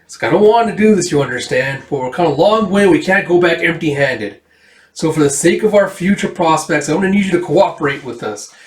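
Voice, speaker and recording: A man's voice: fairly high pitch, lively intonation, fairly quick, pitched above the performer's own voice, lightly acted. A man voicing a blunt, threatening bounty hunter while reading a comic aloud. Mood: menacing. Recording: roomy, distant mic.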